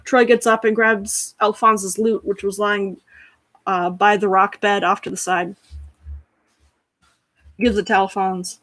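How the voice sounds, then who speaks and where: A woman's voice: medium pitch, flat delivery, slow pace, long pauses, fairly bright tone, dry recording. A woman telling a story in a chatty, self-deprecating way with frequent fillers. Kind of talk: casual storytelling.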